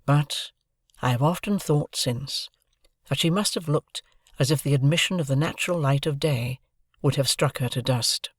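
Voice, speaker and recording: A man reading a classic novel aloud as an audiobook narrator, with a measured, expressive delivery. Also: on the high side, no echo, studio quality.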